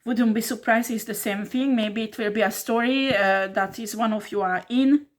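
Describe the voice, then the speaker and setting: A woman's voice: on the high side, steady tone, normal speed. A woman giving a tarot reading who scolds her listeners bluntly and swears a lot, in non-native English phrasing. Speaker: tarot reader.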